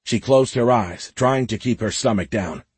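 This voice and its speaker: A man narrating a science fiction audiobook in a steady, measured way. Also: mid-range voice, breathy edge, no room sound. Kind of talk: scripted narration.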